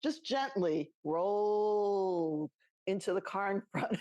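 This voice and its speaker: Speaking slowly with lively intonation, a middle-aged woman co-hosting a podcast recounts personal stories in a chatty manner. Her medium-pitched voice is mellow with no room sound, and she laughs while acting out the voices she quotes.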